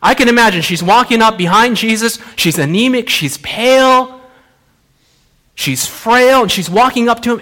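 A male pastor preaching a sermon, telling a Bible story in an animated way and acting out the characters. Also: very high voice, normal speed.

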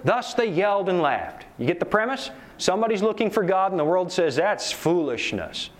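Animated high-voiced male preacher. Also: moderate pace. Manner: animated, asks the audience rhetorical questions. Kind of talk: sermon lecture to a live audience.

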